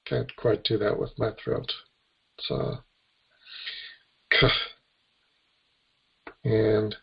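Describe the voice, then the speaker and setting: A man's voice: medium pitch, takes it slowly, creaky, pauses often, breathy edge, muffled recording. A man with an American accent teaching an online webinar class, patiently spelling out letters and their sounds. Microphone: computer microphone on a webinar.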